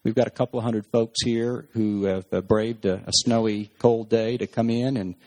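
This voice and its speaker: A man leading a church service, talking gently with many pauses and fillers, interviewing a guest and then praying aloud. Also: lowish voice, fairly even intonation. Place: church hall.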